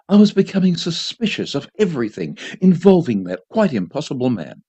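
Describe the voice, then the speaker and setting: Casting: male radio story reader, very lively melody, mellow husky tone, dull lo-fi sound. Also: fairly high pitch, fairly quick. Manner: expressive, dry storytelling. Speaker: volunteer reader.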